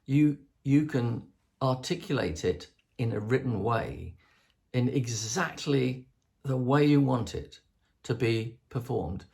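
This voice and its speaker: Older male host, gravelly, rambling solo chat, scats rhythms mid-sentence. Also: medium pitch, animated, takes it slowly, a little mellow. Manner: sings rhythms to illustrate, restarts often.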